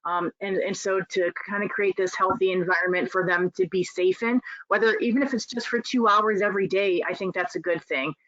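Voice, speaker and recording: A woman's voice: medium pitch, fairly even intonation, a little fast, few pauses, a bit bright, dry recording. Earnest middle-aged woman coach, dry lo-fi. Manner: earnest, with frequent ums and restarts. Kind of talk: casual webinar talk. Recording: dry, muffled call audio.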